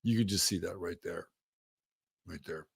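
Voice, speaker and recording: A man's voice: low-pitched, normal speed, creaky, husky, dry recording. A man hosting a live astrology show, talking casually and emphatically with rambling asides. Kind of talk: casual live-stream commentary.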